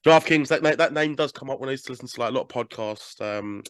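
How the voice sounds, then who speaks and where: A man's voice: medium pitch, fairly bright tone, dry recording. Chatty British man hosting a podcast. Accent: British English. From England. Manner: chatty, laughs often, quick asides. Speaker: podcast host. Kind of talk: casual interview chat.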